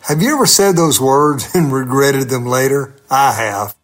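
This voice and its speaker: A man, a humorist, telling a gently funny personal story in a scripted radio segment. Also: mid-range voice, moderate pace, faint music behind.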